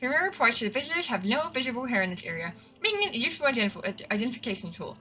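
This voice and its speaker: A woman's voice: fairly high pitch, sing-song, very fast, sharp tone, voice pushed up, poor audio. A woman playing a TV news anchor reading emergency bulletins in a formal broadcast delivery. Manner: formal broadcast delivery, stumbles over words.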